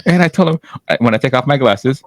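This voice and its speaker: Animated guy on a podcast, casual banter, voice jumps around a lot, dry sound. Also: medium pitch, fast, dry recording. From Chicago. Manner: animated storyteller, acts out quotes, laughs a lot. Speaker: podcast co-host.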